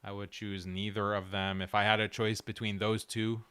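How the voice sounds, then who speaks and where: A man's voice: on the low side, steady tone, a bit bright, clean tone. Man with a strained, cracking voice. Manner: earnest, direct, slightly halting. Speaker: show host. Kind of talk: livestream talk reading chat.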